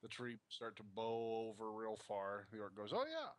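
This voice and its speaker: A man's voice: on the low side, little pitch movement, moderate pace, smooth. A man running a tabletop game as dungeon master over online voice chat, giving laid-back rulings with light teasing.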